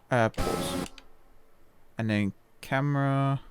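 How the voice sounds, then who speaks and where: A man's voice: mid-range voice, big pitch swings, moderate pace, pauses often, noisy background. A man hosting a gaming channel, chatting and joking to himself while commentating a racing game. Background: game music and engines.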